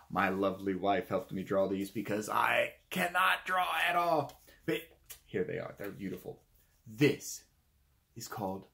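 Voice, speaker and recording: A man's voice: medium pitch, creaky, fairly bright tone. A man teaching a children's music lesson in a playful way, speaking straight to the kids and imitating animal sounds.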